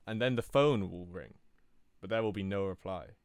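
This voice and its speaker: A man telling an improvised comic story in a rambling, deadpan way, correcting himself as he goes. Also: low voice, normal speed, no room sound, studio quality. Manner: rambling, deadpan, self-interrupting.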